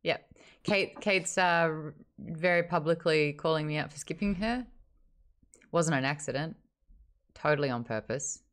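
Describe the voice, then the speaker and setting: A woman's voice: deep voice, a little slow, long pauses, a bit bright. A woman hosting a live book club stream, chatting casually, teasing and laughing often. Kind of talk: casual chat.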